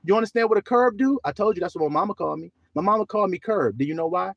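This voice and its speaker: A man preaches in a high, lively voice that leaps between hushed, tender talk and shouted peaks. He stretches out scripture in slow, drawn phrases. The sound is dry and close, with no room echo. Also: vocal fry, lo-fi sound. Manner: swings from soft talk to shouting, drawls out scripture. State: teary. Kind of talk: livestream sermon.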